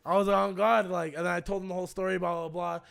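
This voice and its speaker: A young man tells a personal story on his stream, and his voice sits fairly high for a man. He acts out both sides of the scene in a loose, animated way and swears often. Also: fast talker, gravelly, smooth. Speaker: streamer and co-host.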